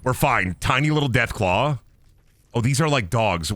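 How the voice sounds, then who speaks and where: A young man casually commenting on his gameplay as a streamer, goofy and rambling, often swinging into silly high voices. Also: expressive, normal speed, a bit bright.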